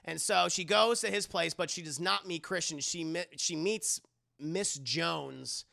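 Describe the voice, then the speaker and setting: A man's voice: on the high side, measured pace, creaky, sharp tone. A young man recapping a movie in a casual, rambling way, with many fillers and restarts. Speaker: movie reviewer streaming live. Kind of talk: casual recap with acted quotes.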